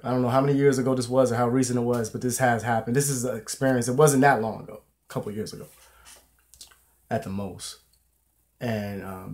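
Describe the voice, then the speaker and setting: A young man speaks straight to his viewers in an unscripted vlog. His talk is loose, full of slang and swearing, and his voice sits at an ordinary middle pitch. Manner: casual, profane, slangy storytelling. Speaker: vlogger. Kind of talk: casual opinion vlog.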